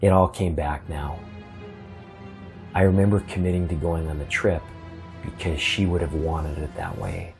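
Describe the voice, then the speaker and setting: A man telling a first-person ghost story in a halting, earnest way, often repeating words as he gets emotional. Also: extremely low pitch, animated, vocal fry, darkish tone, faint music behind.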